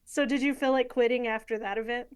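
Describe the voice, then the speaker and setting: Female podcast host, slightly high voice, laughs and reacts, casual interview. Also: fairly even intonation, fast talker, clear, resonant tone. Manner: reactive, laughs often, asks follow-up questions.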